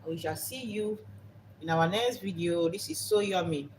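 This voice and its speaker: A woman's voice: lowish voice, moderate pace, a little mellow, a little hiss or hum. A woman hosting a live cooking vlog, talking unhurriedly and repeating herself while she savors the food. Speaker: cooking show host.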